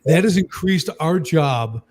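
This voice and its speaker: Man, slightly high voice, emphatic persuasive co-host talk. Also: expressive, takes it slowly, darkish tone. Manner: emphatic, persuasive, peppered with "right?". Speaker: co-host of a communication talk show. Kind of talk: panel discussion.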